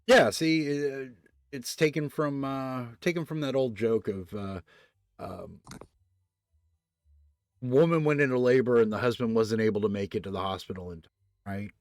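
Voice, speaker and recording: A man's voice: medium pitch, normal speed, long pauses, no echo, studio quality. A man hosting a casual late-night stream, rambling and hesitant, full of fillers as he tells a joke and talks with chat. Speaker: streamer host.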